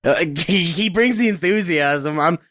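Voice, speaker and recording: A man's voice: high voice, lively intonation, unhurried, fairly bright tone, no echo, clean studio sound. A man who co-hosts and engineers a podcast, chatting casually and laughing at himself. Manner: laughing, self-deprecating. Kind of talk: casual chat.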